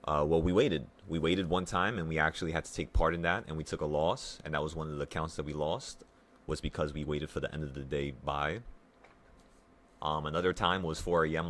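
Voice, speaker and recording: Deep-voiced sick man narrating live trades. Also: brisk. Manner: excitable, profane, self-talking. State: sick, voice affected by illness. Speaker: trading vlogger. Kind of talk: live trading commentary to viewers.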